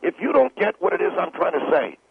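A brash, mocking man trades barbs on talk radio. His voice is a bit high, gravelly and husky. The sound is narrow and phone-like. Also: wildly swooping pitch, fast talker, no echo. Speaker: in-studio guest. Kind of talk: combative talk radio banter.

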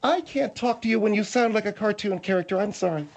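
A man's voice: high voice, quick pace, voice pushed up. Prim scolding lady on the radio, fussy and sure of herself , guy putting on the voice. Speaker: comic radio character.

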